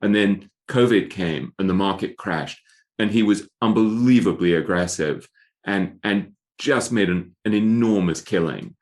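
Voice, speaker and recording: Guy, middle-aged, really low voice, thinks out loud in an interview, lots of little restarts. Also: measured pace. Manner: thoughtful, repeats words while searching for phrasing. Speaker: author guest. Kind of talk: conversational interview.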